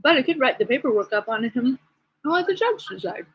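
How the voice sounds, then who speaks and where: A woman's voice: high-pitched, sing-song, brisk, creaky, a bit bright, poor audio. A woman vlogging in a rambling, casual monologue, gossipy and agitated, with many fillers.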